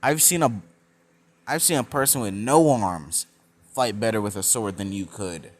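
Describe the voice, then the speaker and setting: A man's voice: fairly low pitch, moderate pace, lightly acted. A man voicing a cocky one-armed young male swordsman in a storytelling video, speaking in a smug, taunting way.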